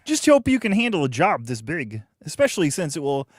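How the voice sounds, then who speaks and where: A man co-hosting a comedy podcast, throwing in wry deadpan remarks in a fairly high voice. He is recorded close and dry, with no room around him. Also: a little fast, dry recording. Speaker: podcast co-host. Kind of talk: casual comedic chat.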